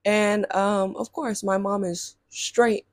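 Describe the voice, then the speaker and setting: Speaking slowly, a young woman from Southern California shares an animated childhood story with her viewers, heavy on "like" and "y'all." Quoted reactions send her pitch leaping; the studio-quality recording is dry.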